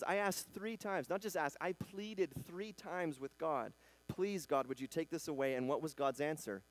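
A pastor preaches a conversational sermon, acting out quotes and swinging between loud bursts and quiet emphasis. His voice sits high, with no room sound.

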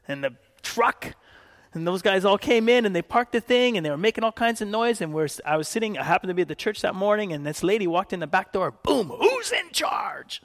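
A Canadian man delivers a sermon, weaving stories with plenty of laughter and quotes he acts out. For a male voice, his pitch runs high, and the tone is slightly bright. A long hall reverb makes the audio ring.

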